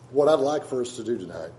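A man's voice: mid-range voice, reverberant, a little hiss or hum, low-quality recording. A man preaching a sermon to a congregation in a conversational way, often asking them questions. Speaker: pastor.

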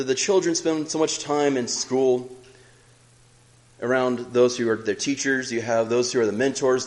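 A man's voice: medium pitch, rough recording. Earnest male preacher giving a sermon. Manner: earnest, measured, reads scripture aloud.

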